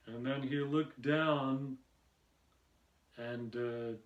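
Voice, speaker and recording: A man rambles through an amateur stand-up set, slow and unhurried, with long pauses and lots of fillers between phrases. His voice sits at an ordinary pitch and is recorded in a noticeably echoey room. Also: fairly even intonation, narrow, tinny audio. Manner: halting, meandering, with many pauses and fillers. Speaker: amateur stand-up comedian and podcast host.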